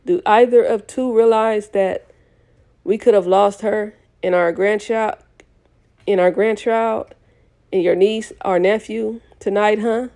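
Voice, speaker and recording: Her voice sits in the mid range, mellow, with fairly even intonation and a measured pace. She is a young woman giving a casual audiobook reading of a novel, frequently correcting herself and going back to restart lines.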